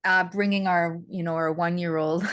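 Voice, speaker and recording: A middle-aged woman hosting an interview, telling a story in a lively, animated way. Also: fairly low pitch, normal speed. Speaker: host.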